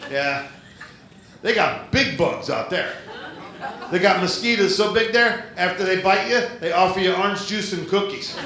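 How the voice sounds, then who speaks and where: A man doing a stand-up comedy set on a theater stage, chatty and jokey, slipping into quick voice impressions. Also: high-pitched, background noise. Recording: very echoey live club recording, loud crowd. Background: audience laughter.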